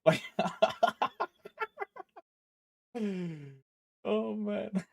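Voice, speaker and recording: Lively, laughing young man streaming a game. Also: high voice, slow, long pauses, no room sound, clean studio sound. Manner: rambling, laughs often, crude slang. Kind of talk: casual stream chat.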